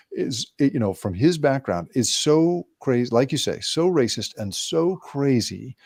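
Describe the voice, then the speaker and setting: A man's voice: medium pitch, big pitch swings, slow pace, creaky, darkish tone, no room sound, studio quality. A man, a guest journalist, explaining ideas at length in an interview with many restarts. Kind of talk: remote interview.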